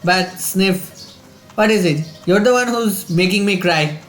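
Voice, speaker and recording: A man's voice: sits high, a little slow, fairly bright tone, faint music behind. A man voicing a timid, crybaby young female archer in a game's dialogue, read in a meek, whiny way.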